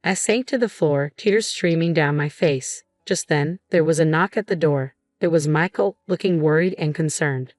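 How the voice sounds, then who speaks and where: A woman narrating a first-person family drama story in a steady, dramatic way. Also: low-pitched, moderate pace, hardly any pauses, no room sound, studio quality, soft background music.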